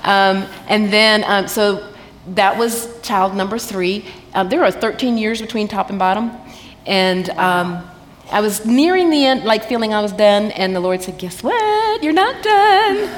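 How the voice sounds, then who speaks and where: A woman's voice: medium pitch, measured pace, few pauses. A woman with a Southern American accent, sharing a heartfelt personal testimony at a church women's event, quoting scripture and laughing easily. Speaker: guest sharing her testimony. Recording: reverberant hall, faint background noise.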